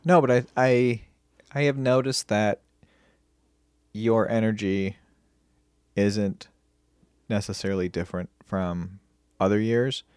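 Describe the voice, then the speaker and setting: A man co-hosting a podcast in casual chat, low-key and agreeable, often answering with short assents. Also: fairly even intonation, slow, long pauses, darkish tone, clear, resonant tone, dry recording, studio quality. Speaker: podcast co-host.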